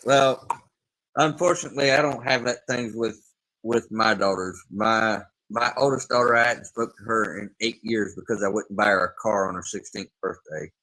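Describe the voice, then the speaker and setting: A man's voice: on the low side, fairly even intonation, moderate pace, pushed and bright, rough recording. A man telling a plainspoken story in casual radio chat. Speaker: parent on a radio talk panel.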